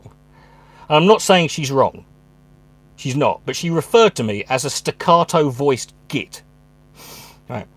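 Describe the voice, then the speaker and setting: A comedian and channel host chats at home in his room, his casual monologue rambling, full of swearing, and stop-start. His voice is fairly high and animated, with a measured pace, frequent pauses, and no audible room sound.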